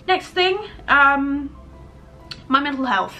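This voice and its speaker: A woman's voice: a little high, animated, moderate pace, sharp tone, soft background music. A young adult woman vlogging candidly about her life, rambling and swearing casually. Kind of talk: candid personal vlog talk.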